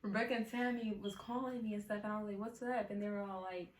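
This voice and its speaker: A woman's voice: medium pitch, steady tone, fast talker, distant mic. A teenage girl telling a casual storytime, chatty and full of fillers. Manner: chatty, many fillers, laughs often. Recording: echoey room, mic set back, faint hiss.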